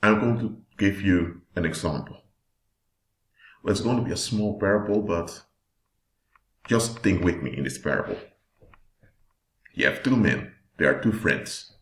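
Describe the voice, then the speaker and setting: A man delivers a sermon-style teaching with slow, deliberate emphasis, stretching out key words. His voice sits very low. The recording sounds roomy and echoey. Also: animated. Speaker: preacher.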